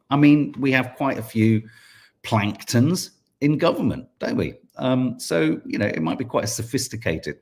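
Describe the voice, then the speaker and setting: British guy hosting a podcast, chats wry and riled up, pitch all over the place. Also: a little mellow. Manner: chatty, wry, gets worked up, frequent fillers. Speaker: podcast host. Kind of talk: casual chat reading viewer comments.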